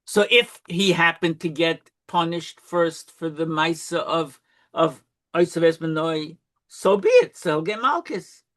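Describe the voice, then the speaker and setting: A man with a slightly raised pitch leading a Talmud study session. He explains the reasoning patiently, confirming what his partner says and summing up each point as they go. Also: a little slow, fairly bright tone.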